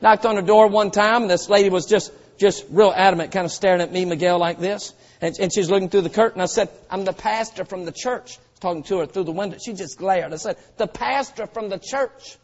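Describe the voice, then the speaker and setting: A man preaching a sermon as pastor, telling stories and swinging from quiet asides to loud shouted lines. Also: high voice, steady tone, a little fast, hardly any pauses. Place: church auditorium. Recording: dull sound with long hall reverb.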